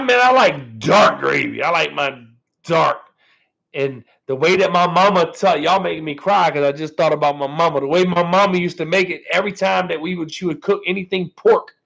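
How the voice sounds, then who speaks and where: A man's voice: on the high side, creaky, fairly bright tone. A man hosting a casual live stream from home. He chats with viewers in a laid-back way, keeps thanking them and ends his phrases with "man". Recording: dull lo-fi stream audio.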